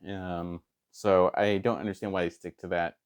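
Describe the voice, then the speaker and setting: A man with a very low voice chats casually as he reviews a comic book. He rambles and hesitates, restarts his sentences, and fills pauses often. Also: little pitch movement, clear, resonant tone. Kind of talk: casual chat.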